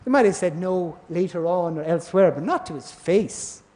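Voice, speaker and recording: Man, high voice, lecturing on scripture and acting out parable voices in a lively way. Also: moderate pace. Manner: storytelling, acts out voices in parables. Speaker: class speaker. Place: temple hall.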